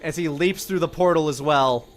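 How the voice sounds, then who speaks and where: This dungeon master speaks at normal speed with a fairly high-pitched voice. He runs his tabletop game by narrating scenes in a laid-back, descriptive way, throwing in playful sound effects.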